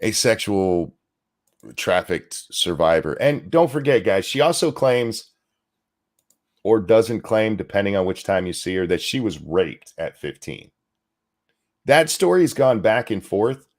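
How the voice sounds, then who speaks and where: A man hosting a ranting commentary show, profane and indignant, talking in fast bursts. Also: on the low side, big pitch swings.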